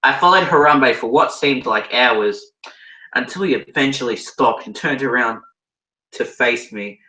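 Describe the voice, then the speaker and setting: A man's voice: medium pitch, measured pace, pushed and bright, reverberant, poor audio. A young Australian man reading fan fiction aloud for comedy, stumbling over words and cutting in with horrified asides.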